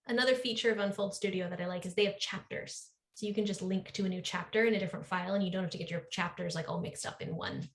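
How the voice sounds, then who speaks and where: A woman's voice: medium pitch, steady tone, fast, hardly any pauses. A woman leading an online coding workshop over a video call, upbeat and encouraging. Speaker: workshop instructor.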